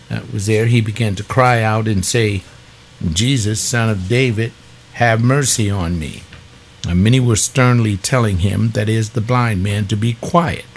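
A man's voice: on the low side, slight background noise. A man pastor teaching the Bible in a conversational call-in style, repeating words as he goes. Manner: conversational preaching with repetitions.

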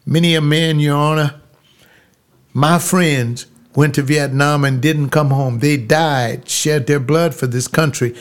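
Slow, emphatic older man pastor. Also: fairly high pitch, fairly even intonation. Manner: slow, emphatic, repeats phrases, rises into preaching. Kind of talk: personal storytelling monologue.

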